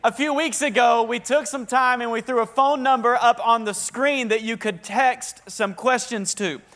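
A young man with a Southern accent preaching a lively, joking sermon to a congregation and prompting them to answer back. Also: extremely high pitch, moderate pace. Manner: talkative, energetic, joking. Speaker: pastor. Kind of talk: lively sermon with call-and-response. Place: church hall with a live congregation.

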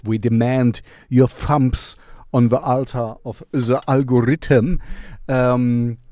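A man with a mellow, lowish voice hosts his own music channel, offering a casual song recommendation. He's chatty and playful, poking fun at himself, in clean studio sound with no room echo.

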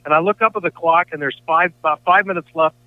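Older male guest, higher-pitched, yarn-spinner type, heard down a tinny phone line. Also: quick pace, no echo. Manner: chatty, rambling anecdotes with self-corrections. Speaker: sports broadcaster guest. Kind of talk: storytelling in casual conversation.

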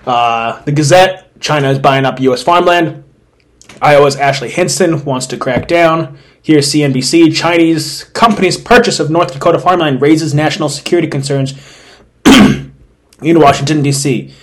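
A man's voice: fairly high pitch, normal speed. A man hosting an opinion podcast, talking bluntly and sarcastically with open indignation. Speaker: podcast host. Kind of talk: opinion commentary.

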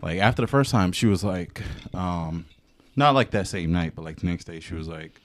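Animated young man telling a story. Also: low voice, moderate pace, slight background noise. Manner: animated storytelling with slang, laughs often. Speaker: podcast co-host. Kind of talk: casual chat.

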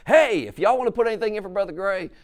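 A man's voice: high voice, animated, fast talker, pitched above the performer's own voice. A man voicing a friendly small-town male pastor, drawling in a raised voice. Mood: coaxing.

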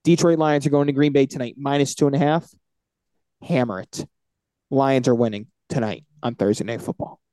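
A man co-hosting a casual sports podcast, animated and confident as he runs through his football picks. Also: medium pitch, normal speed, no room sound. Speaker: podcast co-host.

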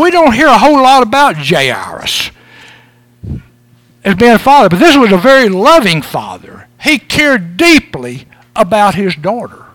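A pastor preaches in a folksy, chuckling way, telling jokes to his church. His voice sits high and swings up and down a lot. The sound is close and dry. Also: fairly bright tone, no room sound. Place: church service.

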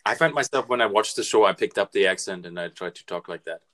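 A man's voice: on the low side, fast, a bit bright. A man with a German accent, German by birth, co-hosting a casual podcast chat and asking questions. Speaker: podcast co-host.

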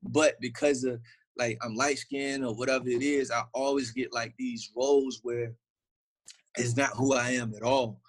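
A young man from Virginia speaks with a relaxed Southern drawl and a husky edge to his voice. He tells his stories loosely, packing in slang and fillers like a guest chatting in an interview. His pitch sits in an everyday middle range. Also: normal speed, poor audio. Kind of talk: casual interview storytelling.

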